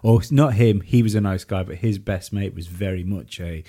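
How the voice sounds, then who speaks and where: A man's voice: low-pitched, normal speed, mellow, dry recording, clean studio sound. A man hosting a podcast, telling stories in a rambling way with many restarts. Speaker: podcast host. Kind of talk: casual podcast chat.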